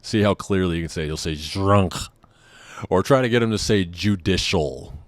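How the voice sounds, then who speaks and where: A man's voice: low voice, quick pace, dry recording. A man hosting a podcast, telling a casual, self-deprecating story in a rambling way with frequent laughs. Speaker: podcast host.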